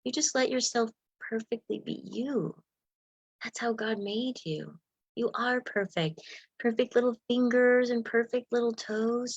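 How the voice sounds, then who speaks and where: A woman's voice: on the high side, muffled recording. A woman giving an earnest, emotional self-help talk, laughing often and acting out inner voices. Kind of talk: motivational talk.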